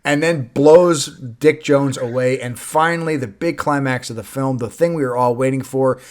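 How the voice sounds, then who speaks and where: A man's voice: medium pitch, moderate pace, a little mellow. A man hosting a casual movie review chat, recapping the plot with swearing and laughter. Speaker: movie review podcast host.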